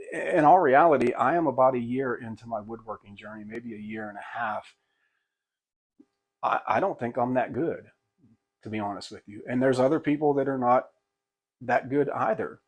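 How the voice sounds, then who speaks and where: A man's voice: medium pitch, brisk, husky. Folksy older man rambling casually. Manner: rambling, folksy, self-deprecating with many restarts. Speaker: pastor and hobby woodworker. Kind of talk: casual talk to camera.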